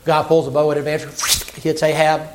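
A man preaching a sermon as a folksy, animated story, acting out the characters as he goes. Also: on the high side, a little fast.

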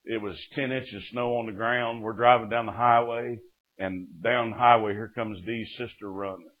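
Folksy preacher on a tinny line. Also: male voice, lowish voice, fairly even intonation, normal speed. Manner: folksy, rising to shouts and dropping to hushed storytelling. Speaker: preacher giving testimony. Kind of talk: sermon testimony. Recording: tinny phone-like recording.

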